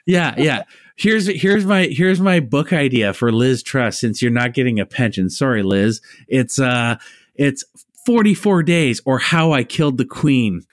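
A man's voice: medium pitch, animated, measured pace, dry recording, clean studio sound. A man co-hosting a podcast in casual chat, joking darkly and swearing, often breaking into laughs. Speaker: podcast co-host.

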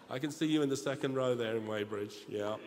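A man's voice: mid-range voice, normal speed, background noise. Chatty middle-aged male preacher, echoey hall. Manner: chatty, joking, addresses the congregation. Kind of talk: humorous storytelling sermon. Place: large church hall. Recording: reverberant hall, faint room ambience.

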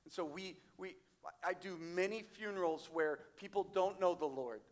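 A man preaching a sermon as pastor, emphatic, slowing down for quoted scripture. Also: sits high. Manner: emphatic, varies loudness widely, slows on quoted scripture. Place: church sanctuary.

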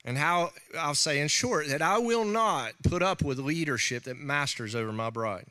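A middle-aged man preaching a sermon, talking in an animated way with laughing asides and quoted voices. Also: fairly high pitch, moderate pace. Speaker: pastor.

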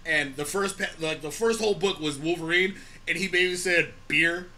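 A man's voice: fairly high pitch, a little fast, sharp tone, a little hiss or hum, poor audio. A man co-hosting a podcast, chatting casually and explaining at length in a storytelling way. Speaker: podcast co-host. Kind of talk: casual chat.

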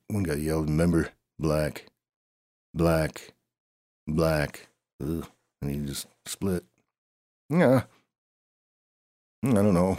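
A man's voice: extremely low pitch, dark tone, dry recording, clean studio sound. A man improvising a comic story as he goes, grumbling, sighing and answering himself in a back-and-forth. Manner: grumbling, sighing, talks to himself in two alternating voices.

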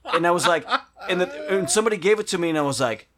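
A man chatting casually on a podcast, telling animated stories and swearing freely. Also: high voice, fast, noisy background.

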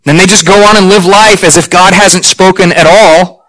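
Guy preaching a sermon, kinda high voice, earnest, slows way down on the heavy parts. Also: steady tone, a bit bright, rough recording. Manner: earnest, emphatic preaching with slow weighty pauses. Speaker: pastor.

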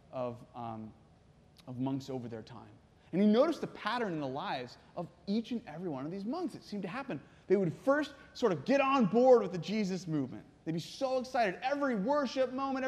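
High-voiced preacher in a reverberant hall. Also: male voice. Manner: dramatic, swings from hushed to intense. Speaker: pastor. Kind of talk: sermon.

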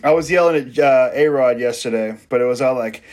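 A man's voice: mid-range voice, fairly quick, darkish tone. A man co-hosting a podcast, joking and swearing about baseball while he eats. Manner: joking, swearing, laughs often. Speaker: podcast co-host. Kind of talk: casual sports chat.

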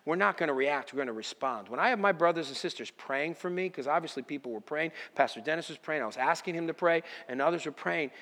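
A male pastor preaching a sermon, telling a personal story with lively quoted dialogue. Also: on the high side, fast, hardly any pauses, long reverb tail.

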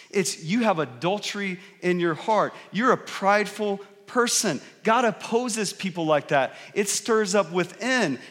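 A man's voice: high voice, fairly bright tone. A male pastor preaching a sermon in a conversational, earnest way, asking the congregation frequent rhetorical questions. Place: church sanctuary. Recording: reverberant hall.

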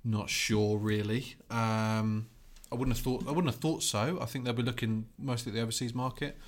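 A man co-hosting a football podcast, talking in a hesitant, halting way with many fillers. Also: medium pitch, fairly even intonation. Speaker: podcast co-host, football journalist. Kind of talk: casual football podcast chat.

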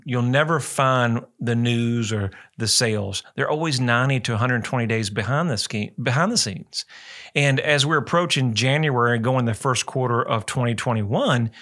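A man hosting a real estate radio show, chatting in a rambling, casual way. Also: medium pitch. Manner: rambling, chatty, animated quoting. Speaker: radio show host, realtor.

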